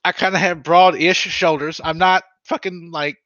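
Bright-voiced man in his thirties. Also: sits high, fairly even intonation, normal speed, no echo, muffled recording. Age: 30s. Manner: profane, rambling storyteller. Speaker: podcast co-host. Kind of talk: casual chat.

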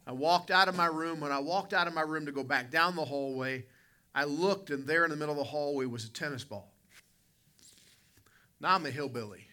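A man's voice: on the high side, fairly quick, pauses often, sharp tone. A man, preaching a sermon and telling a folksy personal story, calling out to people in the congregation. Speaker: pastor.

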